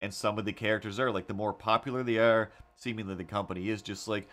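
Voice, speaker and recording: A man with a fairly low voice chats casually on his livestream as he draws. He tells rambling, animated stories full of fillers and restarts, talking into a desk mic at home. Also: fast talker. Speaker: livestream host. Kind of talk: casual livestream chat while drawing.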